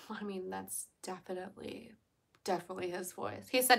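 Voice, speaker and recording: A woman's voice: medium pitch, steady tone, moderate pace, gravelly, fairly bright tone, husky. A young woman from Virginia, chatting casually on a livestream, laughing often and answering viewer comments. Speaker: livestream host.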